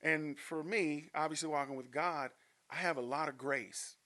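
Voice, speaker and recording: A man's voice: fairly high pitch, normal speed. A man in his fifties from Denver, a podcast guest telling personal stories with frequent laughs. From Denver, Colorado, USA. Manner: animated storyteller, laughs often. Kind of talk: podcast storytelling.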